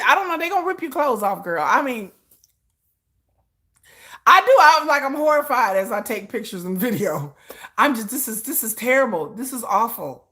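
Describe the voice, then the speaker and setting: A woman tells a comic story in a high, bright voice. She swings her pitch widely, acts out shouts and screams, and laughs often as she goes. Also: very animated, normal speed. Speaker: commentary host. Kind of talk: comedic riffing commentary.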